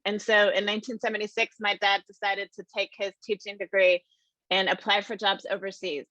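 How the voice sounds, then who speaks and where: A woman around fifty giving a conference keynote, telling her story in a lively, conversational way and calling the audience "y'all.". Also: mid-range voice, no echo, highs cut off. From American Midwest. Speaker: keynote speaker. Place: conference room.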